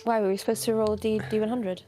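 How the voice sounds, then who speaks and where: A woman's voice: medium pitch, flat delivery, fast talker, mellow, soft background music. Playful woman at the gaming table. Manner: playful, dramatic. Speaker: player. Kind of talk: playing a tabletop game.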